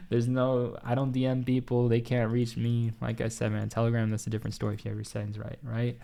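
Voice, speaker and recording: A man's voice: medium pitch, monotone, brisk, creaky, few pauses, warm tone. Young guy going off on a loose rant, swears every other word, keeps saying man. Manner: profane, rambling, repeats "man" and "like". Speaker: trading group host. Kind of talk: unscripted livestream rant.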